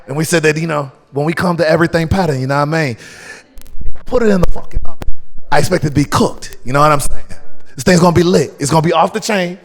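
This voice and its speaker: A man with a Southern US accent voicing a loud, hyped British bloke in a mock-British put-on. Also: fairly high pitch, fast, long reverb tail, pitched above the performer's own voice. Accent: Southern US under fake British.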